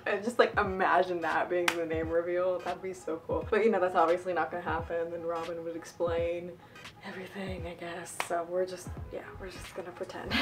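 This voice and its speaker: Bubbly, emotional woman vlogging. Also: medium pitch. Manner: bubbly, emotional, laughs often; lots of fillers and self-corrections. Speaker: fan channel vlogger. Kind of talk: casual chatty vlog.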